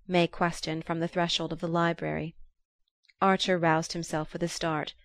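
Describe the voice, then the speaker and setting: A woman narrating a classic novel aloud in a measured, even storytelling manner. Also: fairly low pitch, dry recording. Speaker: audiobook reader. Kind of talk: scripted narration.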